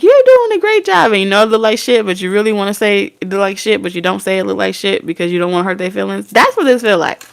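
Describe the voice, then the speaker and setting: A young woman doing a casual tarot reading in an offhand, unfiltered way, cursing as she goes. She slips into quick imitations of what the people in the reading might say. Her voice sits at an ordinary middle pitch. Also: fairly bright tone. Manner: blunt, swearing, acts out imagined dialogue. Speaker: tarot reader.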